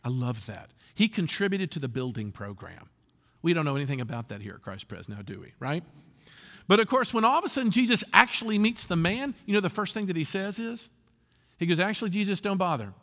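A man preaching a sermon as a pastor, telling stories and acting out quotes with lively delivery. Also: fairly high pitch, brisk. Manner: animated storytelling with acted quotes. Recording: long reverb of a large hall.

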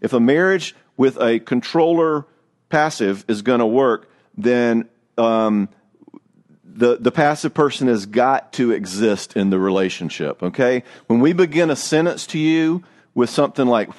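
A man, a therapist giving a lively, joking talk on marriage with some self-mockery. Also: mid-range voice, a little slow.

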